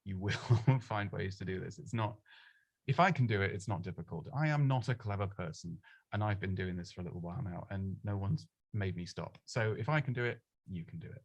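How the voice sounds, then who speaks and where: A man answers presenting questions in a relaxed, self-mocking way, often restarting his sentences. His voice sits on the lower side and sounds close and dry, with no room around it. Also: a little fast, no room sound. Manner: chatty, self-deprecating, frequent restarts. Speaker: presenting coach. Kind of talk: casual live Q&A advice. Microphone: close studio microphone.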